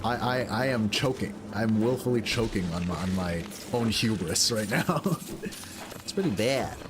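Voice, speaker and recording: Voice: medium pitch, animated, moderate pace, noisy background. A game streamer chatting casually while playing, rambling and self-deprecating with lots of fillers. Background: music.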